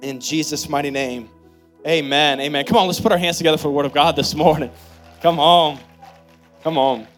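Lively pastor telling a family story. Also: male voice, fairly quick, soft background music. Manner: animated storytelling with big pitch swings and laughter; leads congregation in prayer and call-and-response. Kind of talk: sermon.

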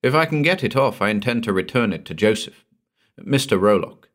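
A man's voice: lowish voice, lively intonation, a little fast. A man voicing a frightened young married woman who speaks in a strained, anxious voice.

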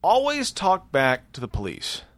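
Man joking and rambling, very animated. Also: high voice, measured pace, a little hiss or hum. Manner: rambling, joking, laughs often. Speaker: podcast co-host. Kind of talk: casual chat.

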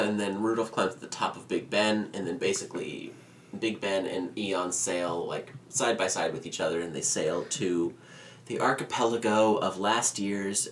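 A man co-hosting a casual podcast, recapping a movie with swearing, laughter and mock character voices. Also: sits low. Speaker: podcast co-host. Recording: roomy echo, distant mic, faint background noise.

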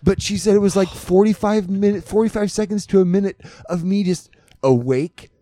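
A man's voice: high voice, moderate pace, warm tone, no echo, studio quality. A man co-hosting a podcast, telling a funny story in casual chat and laughing through it with rambling restarts. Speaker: podcast co-host.

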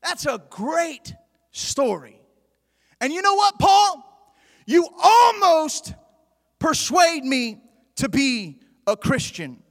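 A skeptical, dismissive ancient king, as a high-voiced preacher puts him on, his words ringing through a large hall with a long echo. He speaks loosely and offhand. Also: sing-song, takes it slowly, long pauses, exaggerated voice. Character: skeptical ancient king, middle-aged man.

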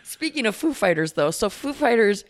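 A woman co-hosting a podcast in casual chat, talking loosely with lots of fillers and getting animated when she rants. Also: mid-range voice, normal speed. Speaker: podcast co-host. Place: podcast studio.

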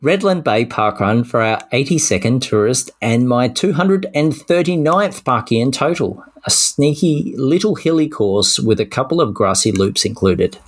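A man reads out listener shout-outs on a casual podcast. His pitch swings up and down a lot as he goes, and he adds cheery, self-deprecating asides. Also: animated, moderate pace, hardly any pauses, husky. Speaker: podcast co-host. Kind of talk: casual chat, reading listener messages.

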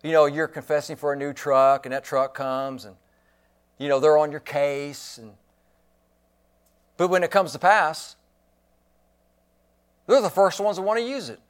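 A man's voice: fairly high pitch, unhurried, long pauses, clear, resonant tone. A man preaching a sermon as pastor, emphatic and given to repeating his phrases.

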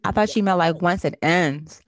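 A woman on a casual podcast, telling a story with animated acted-out quotes and frequent laughs. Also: lowish voice, normal speed. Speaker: podcast co-host.

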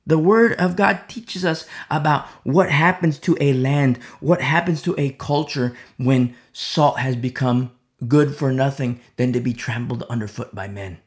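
A man preaching a sermon as pastor, swinging between loud emphatic lines and hushed near-whispers. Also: medium pitch, a little slow. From America.

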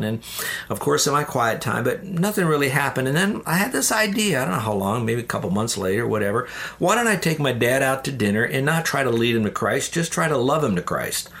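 A man's voice: mid-range voice, vocal fry, a bit bright. Earnest male storyteller, mid-range voice, ministry leader being interviewed. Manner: earnest, addresses listeners as "dear ones". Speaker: ministry leader telling his testimony.

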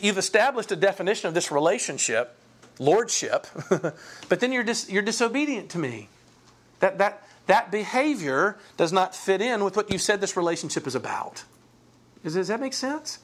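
A Bible teacher giving an informal class, talking conversationally, often repeating words and checking in with rhetorical questions. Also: mid-range voice.

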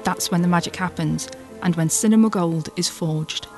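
A woman co-hosting a film podcast, reading a scripted segment in a measured way. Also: on the low side. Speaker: podcast co-host. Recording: music bed under narration.

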